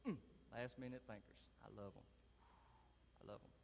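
A man's voice: mid-range voice, moderate pace, darkish tone, slight background noise. A man, preaching a folksy sermon with a conversational, drawling manner and dry humor. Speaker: lay preacher. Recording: long reverb of a large hall.

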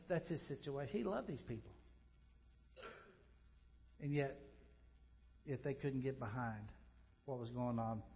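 A man preaching a sermon as pastor, conversational and emphatic, moving from loud emphasis to quiet reflection, with joking asides. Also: medium pitch, muffled recording.

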